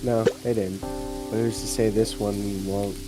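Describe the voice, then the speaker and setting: A man with a lowish voice, talking eagerly and excitably in a casual co-op gaming session. Loud game music runs behind him. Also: a little slow, rough recording. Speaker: game player.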